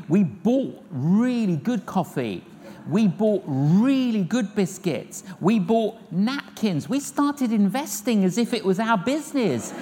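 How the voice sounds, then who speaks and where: An older man delivers a sermon, spinning humorous stories and repeating his phrases for effect. His voice rings out with a long hall reverb. A faint hiss of noise sits under the recording. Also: high-pitched. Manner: lively storyteller acting out dialogue, repeats phrases. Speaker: evangelist preacher.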